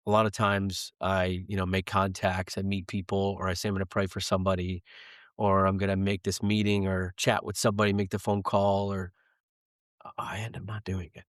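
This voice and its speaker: A man's voice: low voice, monotone, a little fast, clear, resonant tone, dry recording, studio quality. A man in his thirties, a podcast guest talking candidly and earnestly about faith and family. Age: 30s. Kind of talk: casual faith conversation.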